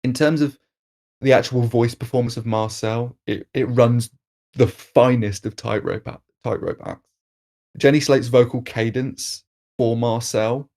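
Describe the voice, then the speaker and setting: Measured male film reviewer. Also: mid-range voice, darkish tone. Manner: measured, analytical, with occasional restarts. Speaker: film review podcast host.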